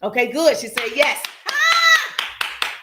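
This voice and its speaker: Southern female sales coach, animated and direct, echoey room. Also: high voice, moderate pace, heavy background noise. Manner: animated, chatty, addresses audience directly. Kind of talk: live-stream coaching talk.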